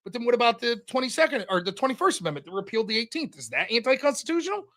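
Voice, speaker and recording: A man holds forth as a podcast guest. His voice is high and sharply bright. He talks with animated, profane energy and acts out quoted exchanges in different tones as he goes. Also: very fast. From outside the United States. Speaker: podcast guest taking over the show. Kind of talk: casual podcast chat about debating.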